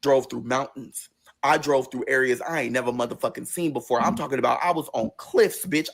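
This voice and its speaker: A man telling a personal story in a casual, profane way, his pitch swinging between low, quiet stretches and high, excited bursts. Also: a little fast, creaky, breathy edge. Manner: acts out quoted voices in a high register.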